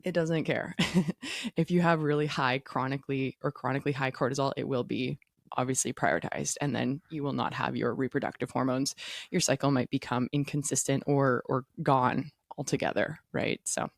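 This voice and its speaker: A woman's voice: very deep voice, fairly even intonation, normal speed, vocal fry, dry recording, studio quality. A woman co-hosting a podcast, chatty and playful, explaining hormones in casual talk. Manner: chatty, playful, heavy "like" fillers. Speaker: podcast co-host.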